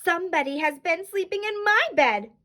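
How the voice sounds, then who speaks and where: A woman's voice: very high-pitched, animated, normal speed, pushed and bright, pitched above the performer's own voice, exaggerated voice. A woman voicing a fussy, motherly bear in a storybook reading.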